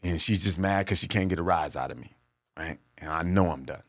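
A man, a comedian and podcast guest, telling a story in a casual, profane and animated way, acting out other people's lines. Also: deep voice, fairly quick, no echo.

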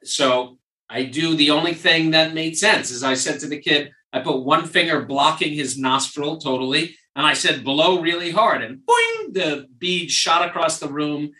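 A man from New York hosts a casual podcast as a surgeon and tells stories with lively repetition. His voice is bright and forward. He sounds a little off the mic, in a roomy, echoey space. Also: on the high side, normal speed, distant mic. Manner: animated storyteller who repeats phrases for emphasis. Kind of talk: casual podcast chat and storytelling.

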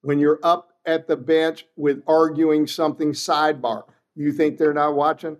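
Older male trial lawyer guest, sixties, animated and blunt, slightly higher voice. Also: moderate pace. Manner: animated, blunt, salty, acts out courtroom quotes. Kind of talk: casual interview storytelling.

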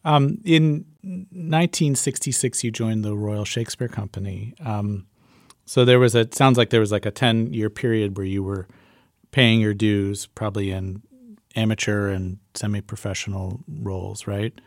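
A man's voice: fairly low pitch, steady tone, normal speed, no echo, studio quality. Man asking tentative interview questions. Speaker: radio producer and interviewer.

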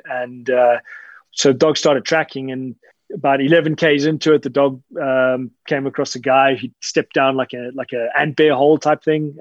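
A man, telling stories casually in an interview, relaxed and rambling with many fillers and restarts. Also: medium pitch, dry recording. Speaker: interview guest, dog handler and tracker. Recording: slightly dull lo-fi sound.

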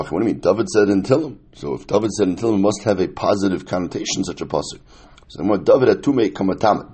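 Low husky man teaching Talmud. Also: warm tone. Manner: casual, explanatory, with many fillers and Yiddish-Hebrew terms. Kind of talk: Talmud lesson, translating Aramaic line by line.

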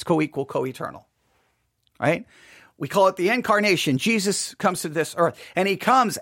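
A man's voice: sits high, a bit bright, no room sound, studio quality. A man preacher retelling a funeral sermon he gave, earnest and emphatic, often restarting his sentences.

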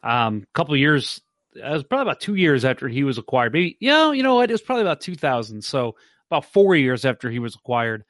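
A young adult man hosting a casual sports podcast, telling anecdotes in an animated way. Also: mid-range voice, quick pace, dry recording, studio quality. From St. Louis, USA. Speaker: podcast host.

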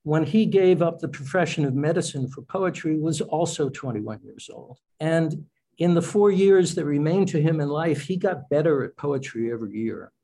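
A man's voice: on the high side, expressive, moderate pace, mellow. A man, an author and poet, talking about his craft in an interview with a chatty, self-deprecating manner. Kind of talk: radio interview conversation.

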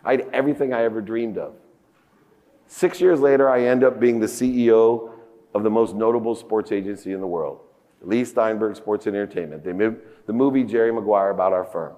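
A man in his fifties giving a motivational keynote speech on a conference stage, telling a personal story with big emotional swings in pitch and loudness. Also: fairly quick. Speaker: keynote speaker. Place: large conference hall stage. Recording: echoey conference hall.

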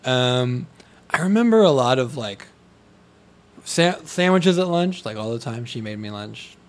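A man from Santa Barbara, a guest on a podcast. His voice sits in an ordinary middle range. He talks in a relaxed, easygoing way, telling stories about his childhood. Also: medium pitch, measured pace. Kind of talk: casual chat.

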